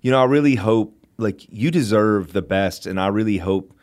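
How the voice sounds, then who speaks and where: A man as an interview guest, chatting in an animated way and telling a personal story with lots of fillers. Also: on the low side, normal speed. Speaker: guest telling how he met his wife. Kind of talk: casual storytelling.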